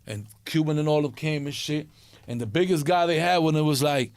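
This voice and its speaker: A man's voice: a little high, quick pace, no room sound. Streetwise New man telling stories. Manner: streetwise, profane, animated storytelling with acted-out quotes. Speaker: interview guest. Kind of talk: casual storytelling interview.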